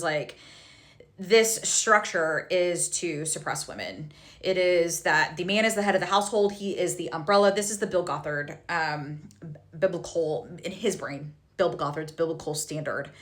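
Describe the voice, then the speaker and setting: A woman's voice: fairly low pitch, fairly bright tone. A woman telling a personal story to her social media followers, frank and heated, with many fillers and self-corrections. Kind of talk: candid personal storytelling to camera.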